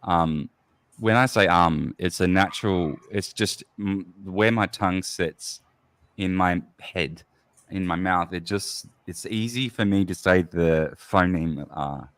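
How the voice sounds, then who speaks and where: A man's voice: low-pitched, slow, a bit bright, clean tone, dry recording. A man from the United Kingdom hosting a podcast, explaining things in a rambling, casual way full of fillers. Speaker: podcast host. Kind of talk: casual chat.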